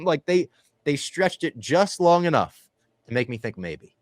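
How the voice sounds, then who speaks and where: A man's voice: high-pitched, big pitch swings, moderate pace, no room sound, clean studio sound. A man co-hosting a podcast, talking animatedly through a casual movie review and swearing freely. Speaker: podcast co-host.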